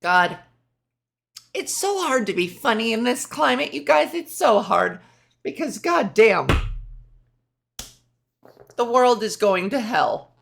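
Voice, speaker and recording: Gravelly, slow-talking woman host. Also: a little high, sing-song. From Canada. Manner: profane, sarcastic, rambling. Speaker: podcast host. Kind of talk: casual solo podcast rant.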